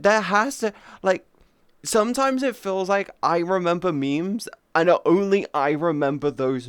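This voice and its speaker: A man's voice: a little high, clean tone, no echo, clean studio sound. A man livestreaming in VR, chatting casually with viewers in crude, profane, joking banter. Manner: greets and thanks chat viewers.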